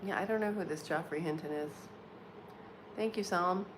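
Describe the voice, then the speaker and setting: A woman's voice: on the low side, moderate pace. Chatty woman on a home livestream. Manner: chatty, laughs often, uses many fillers. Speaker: livestream host. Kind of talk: casual live-stream chat with viewers. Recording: clear background noise.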